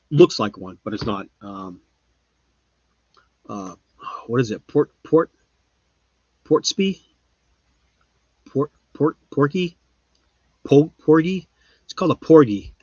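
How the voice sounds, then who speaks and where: A man hosting a live stream, chatting casually with viewers and rambling, his voice often trailing off quietly. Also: mid-range voice, no echo. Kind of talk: casual chat. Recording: slightly muffled lo-fi sound.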